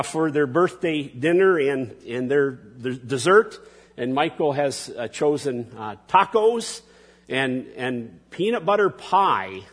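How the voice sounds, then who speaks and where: A man preaching a sermon as pastor, halting and restarting often, with folksy asides to the congregation. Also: fairly high pitch, breathy edge, big-room sound.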